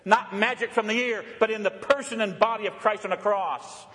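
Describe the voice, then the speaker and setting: High-voiced preaching man in a reverberant hall. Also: normal speed, fairly bright tone. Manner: preaching with repetition and rising emphasis. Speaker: pastor. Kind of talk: sermon. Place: church.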